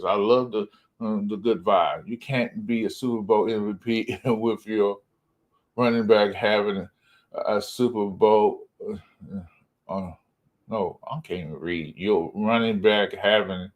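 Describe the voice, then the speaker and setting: Rambling man hosting a livestream. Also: lowish voice. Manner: rambling, stumbles over words while reading comments aloud; laughs often, drifts between loud and mumbled. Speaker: livestream host. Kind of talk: casual livestream rant.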